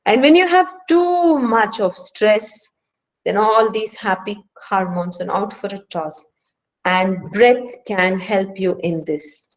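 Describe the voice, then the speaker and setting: A woman's voice: medium pitch, takes it slowly, low-quality recording. A woman with an Indian English accent leading a stress management workshop and speaking earnestly, with emphatic rhetorical questions. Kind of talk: online workshop lecture. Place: home, speaking remotely.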